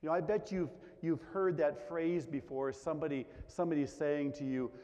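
A man preaching a sermon, asking many questions and dropping to a hush on the quiet lines. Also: a little high, fairly even intonation, normal speed. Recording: dull sound with long reverb in a large hall.

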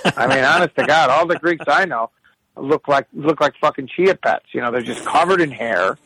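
Gravelly, profane storytelling man. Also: fairly high pitch, normal speed, sharp tone, dry recording, poor audio. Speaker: podcast guest storyteller. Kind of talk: casual chat.

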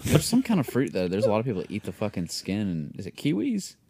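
A man's voice: on the low side, wildly swooping pitch, fast talker, mellow, slightly rough, dry recording. A man co-hosting a casual podcast, talking bluntly and swearing freely. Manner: blunt, profane, emphatic. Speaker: podcast co-host. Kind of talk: casual chat among friends.

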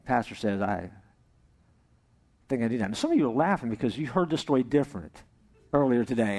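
A male pastor delivers a sermon in a middle-pitched voice, turning storyteller as he acts out the characters in a joke. His tone jumps between a loud, high register and a quiet, low one as the story moves. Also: fairly quick. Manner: animated storytelling, jokes and acted-out voices. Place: church service with congregation.

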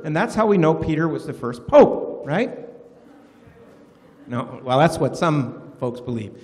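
A man preaching a sermon, animated and quizzing his listeners with questions. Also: a little high, measured pace, long pauses, long reverb tail. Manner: animated, asks the congregation questions.

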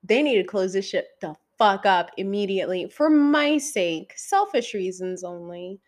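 Woman in her thirties, solo podcast host, unhurried, foul-mouthed, playful, pitch jumps up when excited. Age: 30s. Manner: profane, teasing, talks straight to the listener; high inflection when excited. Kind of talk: casual solo podcast chat.

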